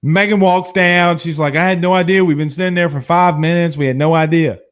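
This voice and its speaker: A man in his thirties from Louisiana hosting a casual sports stream, reading viewer comments and telling stories in a blunt, animated way. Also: on the high side, brisk, clear, resonant tone. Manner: animated storyteller, hums drum beats, blunt. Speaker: sports show host.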